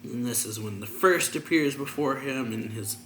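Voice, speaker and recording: A man's voice: mid-range voice, moderate pace, fairly bright tone. A man casually recapping a manga chapter as a reviewer, in a loose telling full of fillers. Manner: loose, filler-heavy retelling. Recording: roomy echo, faint ambient noise.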